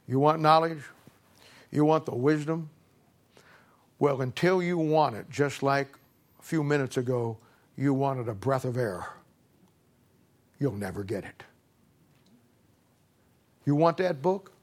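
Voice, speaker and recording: A preacher doing a stern old sage. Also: male voice, mid-range voice, close to an everyday voice. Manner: slow, repeating questions for weight. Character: stern old male sage, calm and blunt.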